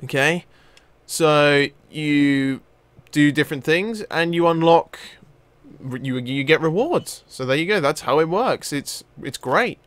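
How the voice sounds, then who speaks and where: A young man, commentating on gameplay casually, excitable and swearing often. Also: a little high, a little slow, dry recording. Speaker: let's play host.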